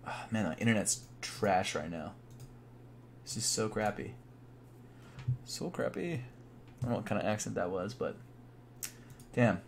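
A young man chatting casually on a live stream, thinking out loud in a laid-back way with plenty of fillers. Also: lowish voice, moderate pace, vocal fry, pauses often, a little hiss or hum. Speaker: sneaker YouTuber live streaming.

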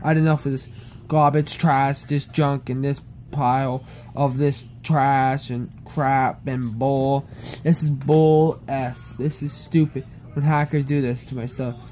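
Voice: medium pitch, flat delivery, measured pace, a little mellow, slight background noise. Young speaker ranting and pleading. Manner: ranting, pleading, says "beep" in place of swear words. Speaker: upset player. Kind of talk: angry rant to camera.

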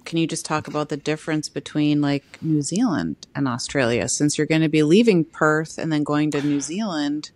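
A woman co-hosting a podcast in casual chat, upbeat and asking questions with quick affirmations. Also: low voice, darkish tone.

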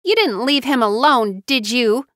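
A woman voicing a scornful, frail young woman with a rough rural twang. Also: a little high, animated, a little slow, a bit bright, dry recording, studio quality, voice pushed up. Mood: mocking. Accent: rural Southern US twang.

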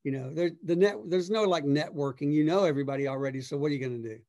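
A middle-aged man, a songwriter guest, telling a long story in a relaxed, conversational way. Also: on the high side, racing. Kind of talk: casual storytelling.

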